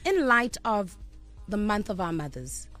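A woman's voice: mid-range voice, measured pace. Woman co-host, mid voice, acts out quotes, music bed behind. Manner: animated storyteller, acts out quotes, laughs. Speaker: radio co-host. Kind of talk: storytelling on radio.

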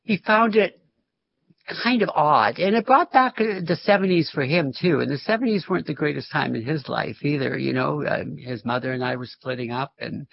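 A man's voice: on the high side, moderate pace, gravelly, no echo. An older man, a former music teacher, telling stories in an interview and chuckling often as he talks. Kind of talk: interview storytelling. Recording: dull lo-fi recording.

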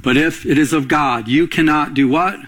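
A middle-aged man preaches with a husky edge to his voice. His pitch sits fairly high for a man. He keeps asking the listeners questions and answering them, building up to emphatic peaks. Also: moderate pace, fairly bright tone, poor audio. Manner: call-and-response preaching, rising to emphatic peaks. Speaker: pastor. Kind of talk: sermon.

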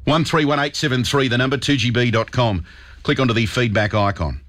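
A man's voice: medium pitch, fairly quick, a bit bright. Indignant Australian radio host man. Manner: indignant, emphatic. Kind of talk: talkback radio commentary.

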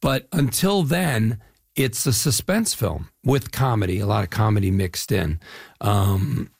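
An older man from the Chicago area talks with eager enthusiasm, piling up fillers and restarts as he tells his stories. His voice is gravelly and husky at a middle pitch. The sound is dry and close. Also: unhurried, no room sound. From Chicago area, US Midwest. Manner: enthusiastic storytelling with fillers and repeats. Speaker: actor guest. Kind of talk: casual interview talk.

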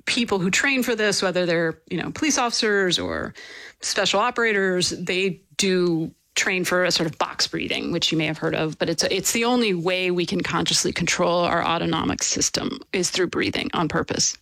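Lowish-voiced woman explaining animatedly. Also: normal speed, dry recording. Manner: animated, storytelling with fillers and laughs. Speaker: author and interview guest. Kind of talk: explanatory interview answers.

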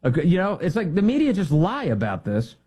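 A man's voice: high voice, wildly swooping pitch, a little fast, dark tone, breathy edge. A middle-aged man hosting a live political commentary show, combative and mocking, calling opponents names.

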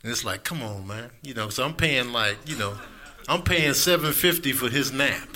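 A middle-aged man doing a stand-up set, acting out his friends and sons in voices. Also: normal speed. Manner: animated, acts out friends and family in high voices. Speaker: stand-up comedian. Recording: live club set with clear background noise.

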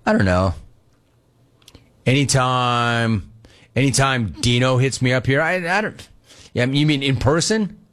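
A male sports radio host reads out listener questions and answers them in an easy, chatty way. His voice sits at a middle pitch. He tells anecdotes and briefly mimics the people in them. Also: measured pace, pauses often, a bit bright. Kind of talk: casual listener Q&A.

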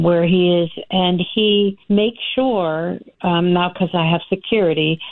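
An older woman, a grandmother, telling animated stories as an interview guest, laughing often and acting out what others said. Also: lowish voice. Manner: animated storyteller, laughs often, acts out quotes. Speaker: guest, nonprofit founder. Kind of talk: conversational storytelling interview. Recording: tinny phone-line sound.

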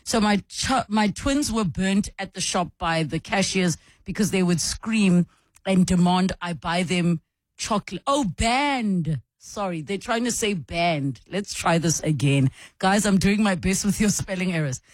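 A woman hosts a call-in radio show, talking in a chatty, lively way as she reads out listener messages. Her voice is close and dry, with no room sound around it. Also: fairly low pitch, measured pace, dry recording.

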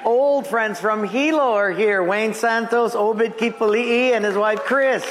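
A man's voice: high voice, unhurried. A man in his seventies, a pastor preaching to his congregation with folksy stories, chuckling at his own punchlines. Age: 70s. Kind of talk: sermon with jokes. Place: church sanctuary with congregation. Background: congregation laughing.

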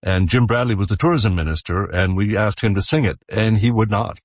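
A man on a political panel, animated and anecdotal, with laughing asides. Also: fairly low pitch, brisk, slightly rough, no echo. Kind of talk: casual panel chat. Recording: dull, dry studio sound.

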